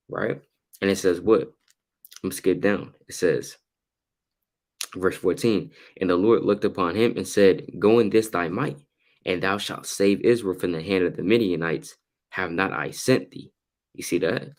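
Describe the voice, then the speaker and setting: A man's voice: low voice, a little mellow. A man teaching from the Bible in a casual way. He reads verses aloud, then explains them in everyday slang with lots of "man" and "you know".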